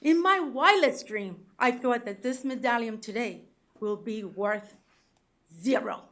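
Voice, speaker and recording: A woman's voice: fairly high pitch, expressive, measured pace, fairly bright tone. An older woman from Cuba, a taxi medallion owner, giving emotional, pleading testimony at a public hearing.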